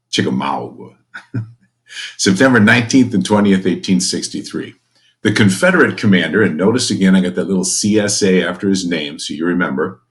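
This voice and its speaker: A man teaching a recorded history lecture to students, folksy and conversational, with jokey asides. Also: deep voice.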